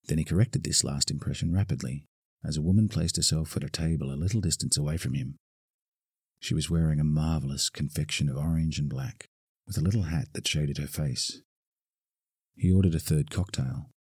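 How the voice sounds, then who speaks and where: A man narrating a novel in a measured audiobook reading. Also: a bass voice, darkish tone, husky, no echo, clean studio sound.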